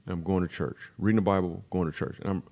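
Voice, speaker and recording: A middle-aged man, a comedian, telling lively comic stories in a podcast interview and acting out the people in them. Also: deep voice, fast, vocal fry. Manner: animated storyteller acting out quoted voices. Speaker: guest comedian.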